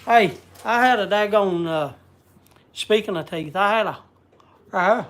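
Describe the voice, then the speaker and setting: A man's voice: sits high, unhurried, a bit bright. Man, casual stream chat, rambling, folksy. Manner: rambling, folksy, searches for words. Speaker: vlogger.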